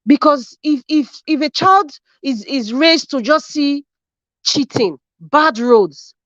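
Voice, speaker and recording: A woman's voice: high-pitched, animated, slow pace, a bit bright, no echo. A woman with a Nigerian accent, calling into a live show with impassioned social commentary, repeating phrases fervently like a preacher. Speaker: caller on a live stream show. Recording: dull lo-fi dry stream audio.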